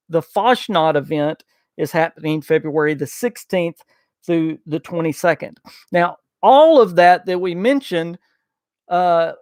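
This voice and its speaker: A man's voice: sits high, a little mellow, clear, resonant tone, no echo, clean studio sound. A man with a thick Southern US accent, hosting a casual livestream podcast, chatting folksily and reading viewer messages. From Southern United States. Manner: folksy, chatty, loses his train of thought with many uh fillers. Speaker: podcast host. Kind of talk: casual livestream chat reading super chats.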